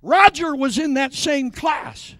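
An older man preaching a sermon in church, telling folksy stories and breaking into shouts. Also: extremely high pitch, animated, slow, dry recording, studio quality. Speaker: pastor.

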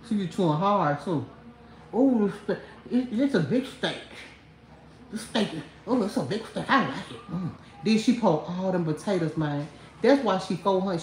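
A woman's voice: mid-range voice, darkish tone, a little hiss or hum. A woman hosting a livestream, mocking someone and laughing as she talks straight to her viewers. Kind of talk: trash-talking livestream rant. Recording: echoey room.

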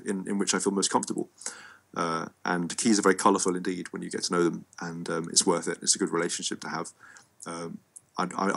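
A man's voice: low-pitched, gravelly, fairly bright tone. An English man with a cold, teaching an online music lesson in a rambling, playful way with frequent ums. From England. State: has a cold.

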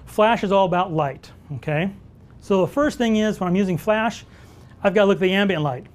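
A man teaching wildlife photography at a live workshop, telling stories and answering audience questions in an animated way. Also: sits high, a little fast. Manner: animated storyteller who acts out dialogue.

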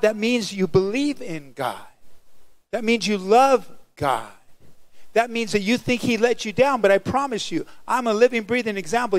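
A male pastor preaching a sermon, animated and calling out to the congregation for responses. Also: high-pitched, no room sound.

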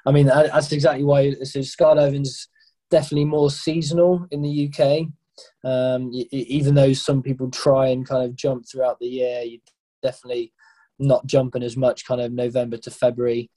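A young adult man from England with an English accent, a skydiving guest who talks in a halting way with many repeated words and fillers. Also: medium pitch, level tone, dark tone, rough recording. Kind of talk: casual podcast interview.

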